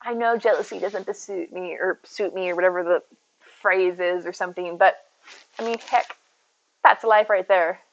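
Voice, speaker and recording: A woman's voice: fairly low pitch, fairly even intonation, moderate pace, dull audio. A woman streaming from home, chatting casually and rambling to her viewers, reading and answering their messages by name. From United States. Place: home, indoors.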